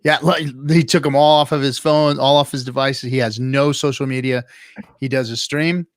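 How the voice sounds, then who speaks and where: A man's voice: medium pitch, fairly even intonation, normal speed, no room sound. Man laughing through casual banter. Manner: laughing, joking, restarts often. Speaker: podcast co-host. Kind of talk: casual chat.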